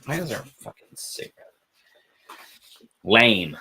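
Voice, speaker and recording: A man's voice: fairly low pitch, expressive, a little slow, noisy background. A man hosting an art show, chatting casually and rambling to himself as he colors, swearing now and then. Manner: rambling self-commentary with swearing. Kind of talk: casual chat while coloring.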